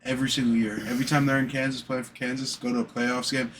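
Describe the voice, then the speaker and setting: Young guy, bright voice, cussing storyteller, faint hiss behind. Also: medium pitch, level tone, quick pace. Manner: profane, storytelling with loud impressions of coworkers. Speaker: podcast co-host. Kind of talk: casual chat.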